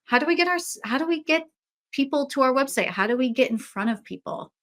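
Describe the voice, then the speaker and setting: A woman co-hosting a casual business webinar, talking chattily with lots of fillers and quick asides. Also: high voice, lively intonation, a bit bright. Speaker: webinar co-host, website business owner.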